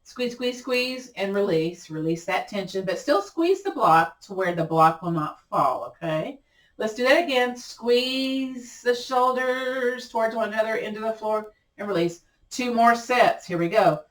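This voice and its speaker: A woman teaching a gentle yoga class, giving encouraging, chatty cues and repeating them often, her voice cracking a little. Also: fairly high pitch, a little slow, echoey room, distant mic. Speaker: yoga instructor. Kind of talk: guided yoga class instruction.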